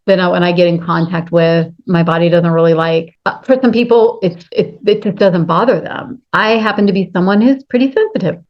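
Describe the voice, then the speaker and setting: A middle-aged woman with a slightly low voice talks straight to camera as a body-image coach. She is gentle and earnest and sometimes voices what her viewers think to themselves. The sound is a little muffled and lo-fi. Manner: gentle, earnest, voices inner thoughts aloud. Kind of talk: talking-head video to camera.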